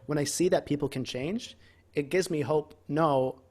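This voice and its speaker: A man's voice: a little high, moderate pace, darkish tone. A man co-hosting a casual self-improvement podcast, talking in a rambling, emphatic way and swearing freely. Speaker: podcast co-host.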